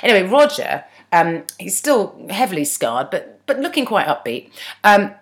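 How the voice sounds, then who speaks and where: A woman co-hosting a TV recap podcast. She is wry and rambling, and her pitch bounces a lot. Her voice sits mid-range for a woman. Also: very animated, moderate pace. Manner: chatty, digressive, wry. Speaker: podcast co-host. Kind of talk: casual chat recapping a TV episode.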